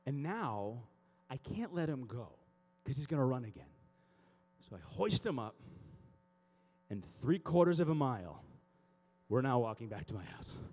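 A man speaking at a youth conference, telling comic stories and acting out scenes in an animated way. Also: mid-range voice, normal speed, long pauses.

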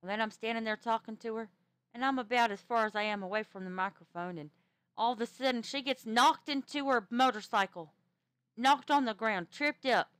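A woman telling a ghost story in character, animated, with stammering restarts. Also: on the high side, brisk, smooth, no room sound.

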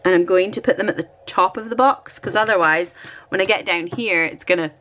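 A woman's voice: on the low side, brisk, fairly bright tone. A Scottish woman vlogging at home, chatting and thinking aloud while she decorates her planner, often poking fun at herself.

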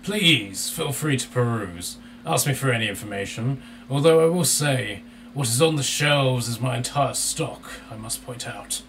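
A man voicing a gaunt, pale male half-elf noble shopkeeper with a hoarse voice, slow and courtly, heard on a distant mic with faint noise. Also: medium pitch, fairly bright tone.

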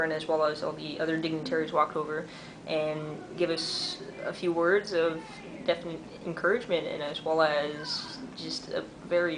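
A young man in his twenties from Canada talks excitedly in a casual video diary, using lots of "like" fillers. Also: fairly high pitch. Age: 20s. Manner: chatty and excitable, many "like" fillers. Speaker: vlogger and artist. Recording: noisy background.

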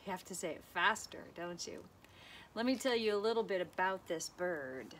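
A woman's voice: lowish voice, expressive, moderate pace, a bit bright, a little hiss or hum. A woman teacher giving a cheerful, sing-song lesson to children outdoors by a fire pit, inviting them to repeat after her.

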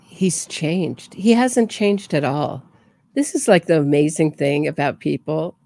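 Woman, true crime commentary, chatty, low voice, dry sound. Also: unhurried, creaky, a little mellow, dry recording. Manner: chatty, laughs between remarks. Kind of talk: casual commentary.

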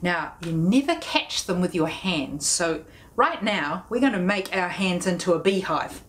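A woman leading a children's music session, talking and singing in a playful sing-song way, sometimes dropping to a hushed whisper. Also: on the low side, animated, unhurried.

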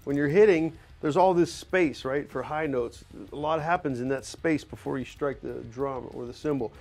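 Relaxed middle-aged man teaching drums. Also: a little high, normal speed, soft background music. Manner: loose, conversational, many "you know" fillers. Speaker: drum clinician. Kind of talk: drum clinic instruction. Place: recording studio.

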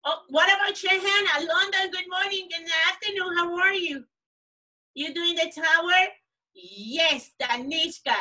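A woman teaching young children in an online class, coaxing and praising them in simple, animated phrases. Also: very high voice, a little slow, distant mic, rough recording. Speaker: preschool teacher.

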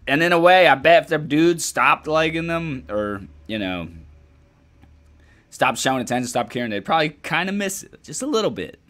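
A man hosting a music reaction video, chatting casually and profanely as he reacts to a song. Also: mid-range voice. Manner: relaxed, profane, chatty, thinking aloud. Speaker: music reaction channel host.

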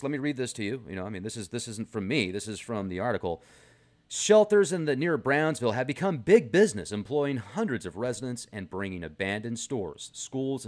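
A man vlogging from a garage in a rambling, sarcastic casual rant to camera. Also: mid-range voice. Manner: animated, rambling, sarcastic asides.

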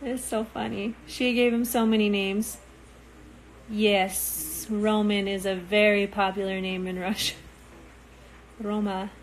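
A woman's voice: mid-range voice, flat delivery, slow, slight background noise, rough recording. A young woman chatting casually with viewers, loose and rambling with frequent ums, sounding tired. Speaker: reality show cast member talking to viewers.

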